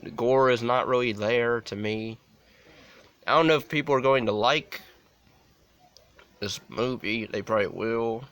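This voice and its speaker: A man's voice: medium pitch, measured pace, long pauses, fairly bright tone. A young adult man giving a casual, unscripted movie review, rambling with many restarts and "like" fillers.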